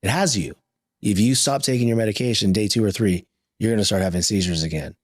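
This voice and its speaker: Male host: encouraging, affirming, low-pitched, dry close sound. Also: quick pace, no room sound. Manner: encouraging, affirming, laughs easily. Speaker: podcast host. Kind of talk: interview conversation.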